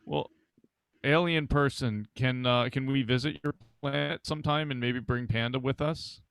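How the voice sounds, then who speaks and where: A man hosting an improv comedy show, joking in a halting, stammering way. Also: medium pitch, creaky, a bit bright, clear, resonant tone, no room sound.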